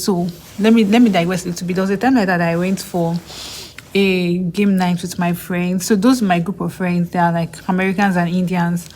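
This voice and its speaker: A young woman with a Nigerian accent telling stories casually in a vlog, often acting out what others said in a higher voice. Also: darkish tone. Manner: chatty, acts out others' lines in a higher voice. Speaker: vlogger and graduate student.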